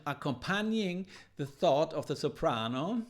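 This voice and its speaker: A man teaching classical guitar, analysing a piece in a thoughtful, explanatory way and pausing now and then to search for words. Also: fairly high pitch, animated. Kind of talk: music analysis lesson. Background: guitar playing.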